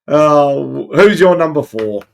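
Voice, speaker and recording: A man's voice: a little high, expressive, slow, vocal fry, a little mellow. A man co-hosting a comedy podcast, chatting laid-back about listener comments and laughing along. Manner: laid-back, laughs at stories, says mate. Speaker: podcast co-host. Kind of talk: casual comedic chat.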